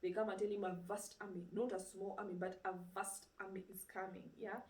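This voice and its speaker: A preacher, female and mid-range in pitch, talks fairly quickly through an informal sermon. She lively retells a story using rhetorical questions and lots of "you know", and the roomy audio shows she's recorded from a distance.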